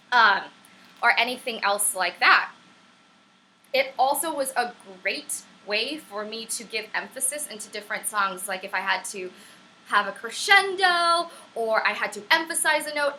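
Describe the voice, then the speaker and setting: A woman's voice: a little high, bright, forceful tone, a little hiss or hum, low-quality recording. A young woman at home teaching a casual online singing lesson, chatty, encouraging and prone to tangents. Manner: upbeat and encouraging. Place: at home on camera.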